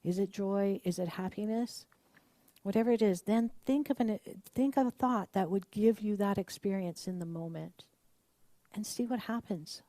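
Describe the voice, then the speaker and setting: A middle-aged woman minister giving a conversational, animated sermon and acting out the voices of the people she quotes. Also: mid-range voice, moderate pace, dry recording.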